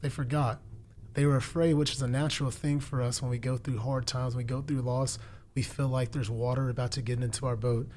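In a conversation, a man in his twenties testifies to his faith with earnest, preacherly fervor and repeated phrases for emphasis. He's a guest whose mid-range voice is a little mellow, level in tone and fairly quick. Slight background noise is present.

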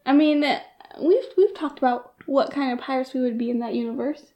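A woman's voice: high voice, brisk, warm tone. A woman co-hosting a casual podcast chat, giggling often and rambling with frequent restarts. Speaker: podcast co-host.

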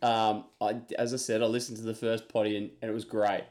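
A man's voice: lowish voice, little pitch movement, a little mellow. A man as a guest on a podcast, easygoing and chatting casually. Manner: slow, easygoing interjector. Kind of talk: casual chat.

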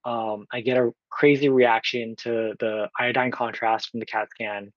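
Speaking a little slowly with fairly even intonation, a medium-pitched man in his twenties from Oakland, California tells his own story as a podcast guest. He's earnest, acts out what people said to him and uses frequent fillers, and the recording has no echo and cut-off highs.

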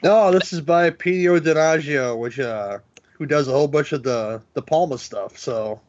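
A man's voice: on the high side, moderate pace, darkish tone. A man co-hosting a casual movie commentary chat, sharing film trivia in a rambling way with restarts, on slightly dull lo-fi audio. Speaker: podcast co-host.

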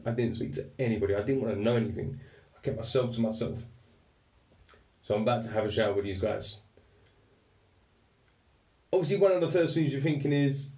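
A man's voice: mid-range voice, warm tone. Self-mocking man telling a story. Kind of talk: casual anecdote telling. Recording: roomy and distant mic.

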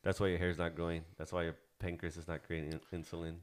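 A thirty-something podcast co-host talks fast in a low, fairly flat-pitched voice. He's loose and profane, rambling with many fillers.

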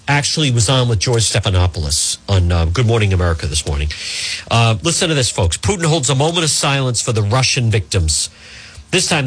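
A talk radio host, a man who rambles through his monologue and calls his listeners folks. His pitch swings up and down as he talks. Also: fairly bright tone, breathy edge.

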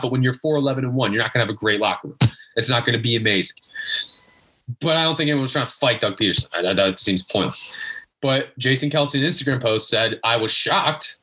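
A man's voice: mid-range voice, sharp tone, breathy edge. A young man ranting as a guest sports fan in casual chat, exasperated and emphatic, repeating himself as he argues. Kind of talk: casual rant.

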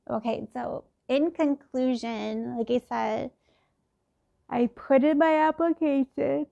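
A woman's voice: sits high, takes it slowly, gravelly, long pauses, warm tone, muffled recording. A middle-aged woman thinking aloud in a casual personal podcast, meandering and full of fillers and restarts.

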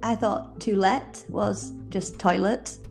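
A woman's voice: medium pitch, fairly even intonation, slow, vocal fry, darkish tone, soft background music. A woman with a British accent co-hosting a casual podcast, playful and self-mocking. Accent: British English. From United Kingdom. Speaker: podcast co-host.

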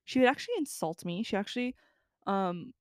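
A young woman co-hosting a casual chat, telling a story in an animated way and swearing freely. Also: mid-range voice, brisk, no room sound, studio quality. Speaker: podcast co-host telling a story.

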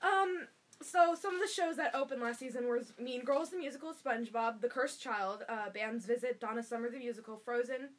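A teenage girl co-hosting a casual podcast, teasing her friends and laughing. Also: fairly high pitch. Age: teens. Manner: teasing, quick-witted, laughing. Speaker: podcast co-host. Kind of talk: casual chat. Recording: phone recording.

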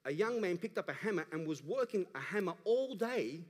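A man, a pastor delivering an animated sermon that rises to emphatic calls to the congregation. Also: high voice, fairly quick. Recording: preached in a large reverberant church hall.

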